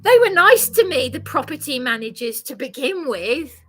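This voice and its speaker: Indignant, high-voiced woman ranting. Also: big pitch swings, normal speed, fairly bright tone. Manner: indignant, emphatic, swears, laughs bitterly. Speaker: vlogger. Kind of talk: ranting monologue to camera.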